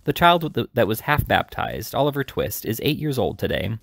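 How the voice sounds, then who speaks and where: A man's voice: medium pitch, big pitch swings, fairly quick, gravelly, no echo, studio quality. A man reading aloud and voicing a fat, hot-tempered, self-important parish beadle with grand, pompous phrasing. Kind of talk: amateur audiobook reading.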